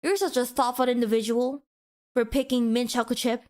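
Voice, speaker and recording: A woman's voice: fairly high pitch, fairly even intonation, fairly quick, a little mellow. A woman streamer giving a mock-passionate, teasing rant to her chat in a playful, dramatic way.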